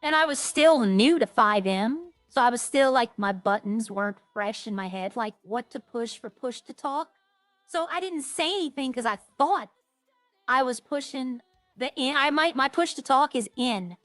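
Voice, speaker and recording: Higher-voiced woman streaming a game. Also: animated, moderate pace, fairly bright tone, dry recording, faint music behind. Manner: rambling, thinking aloud. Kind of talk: casual gameplay chat.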